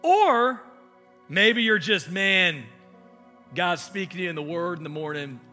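A man preaching a sermon as pastor, impassioned, swinging from loud emphasis to hushed asides. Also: high-pitched, lively intonation, a little slow, soft background music.

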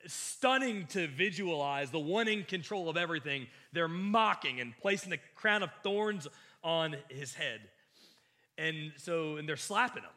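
A man's voice: a little high, pushed and bright. A man preaching a sermon, earnest and emphatic, often restarting his phrases.

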